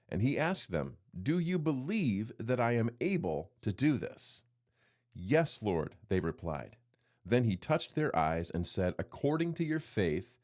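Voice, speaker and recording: Lively-voiced man giving a devotional talk. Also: on the low side. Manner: expressive, folksy storyteller who voices quoted people. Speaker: pastor hosting a daily devotional podcast.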